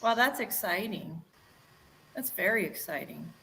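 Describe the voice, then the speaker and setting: A woman's voice: mid-range voice, lively intonation, unhurried, fairly bright tone, slight background noise, rough recording. A woman co-hosting a casual livestream chat over a video call, bubbly and emotional, laughing often. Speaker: livestream co-host.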